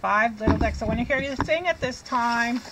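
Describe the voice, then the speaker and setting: A woman teaching a children's reading lesson, speaking slowly and clearly and sounding out words in an encouraging way. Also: a little high, background noise.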